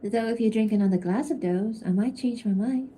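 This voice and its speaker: A woman's voice: on the high side, fairly quick, mellow, a little hiss or hum, lightly acted. A woman putting on a drawling Cajun-accented young woman. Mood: teasing. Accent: attempted Cajun. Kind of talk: animatic voice line takes.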